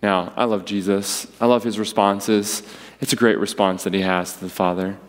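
A man preaching a sermon, acting out the quoted voices with wide swings in pitch. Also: fairly even intonation, normal speed, long reverb tail. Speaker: pastor.

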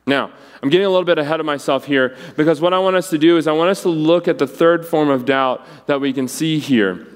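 A man preaching a sermon, acting out the quoted voices with wide swings in pitch. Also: quick pace, few pauses, big-room sound. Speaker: pastor.

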